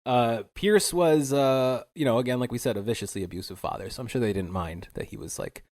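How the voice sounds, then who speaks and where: A young man with a middle-pitched voice tells a story on a podcast. He keeps it loose and wry, filling pauses with "uh" and "like" and chuckling at the absurd parts. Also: darkish tone. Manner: casual and wry, with many fillers and chuckles. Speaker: podcast host narrating history. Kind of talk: casual chat.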